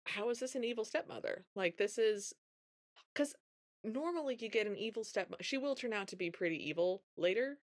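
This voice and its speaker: A woman's voice: fairly high pitch, fairly quick. A woman co-hosting a podcast, casually recapping a film and acting out the characters' lines as she tells it. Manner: animated storytelling, acting out quotes. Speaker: podcast co-host.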